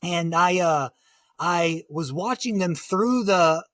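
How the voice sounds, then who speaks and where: A man with a high-pitched voice recounts a harrowing ordeal in a loose, conversational way, stopping and restarting as he goes. The sound is dry and close, with no room around it. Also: animated, a bit bright, no room sound. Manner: vivid, halting retelling with many "like" fillers. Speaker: guest, motivational speaker. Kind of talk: conversational storytelling.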